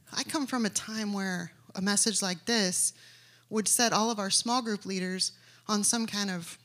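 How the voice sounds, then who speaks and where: A woman's voice: mid-range voice, pushed and bright. A woman preaching a sermon, telling stories animatedly and rising to emphatic declarations.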